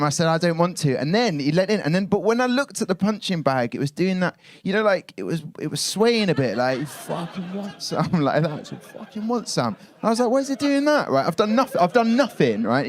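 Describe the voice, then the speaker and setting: A man doing a live stand-up set in a comedy club, rambling and self-mocking, laughing through his own lines and getting louder as his stories build. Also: on the high side.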